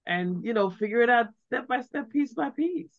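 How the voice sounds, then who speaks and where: A middle-aged woman, a guest on an interview, giving heartfelt advice in an animated way and acting out the questions she suggests. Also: a little high, normal speed. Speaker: interview guest, grieving mother. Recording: dull lo-fi sound.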